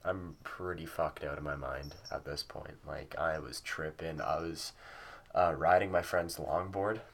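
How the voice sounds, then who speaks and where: Deep-voiced teenage guy, casual vlog storyteller, rambly and sweary, lots of fillers. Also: fairly even intonation, measured pace, creaky, a bit bright. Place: at home with a cat nearby.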